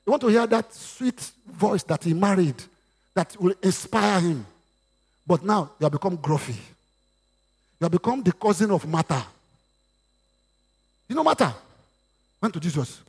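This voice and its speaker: A Nigerian man preaching a sermon in a high, lively voice. His tone has a husky, gravelly grain, and he swings widely in pitch as he acts out what others say. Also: normal speed, pauses often. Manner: lively preaching with Yoruba asides and acted quotes. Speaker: pastor.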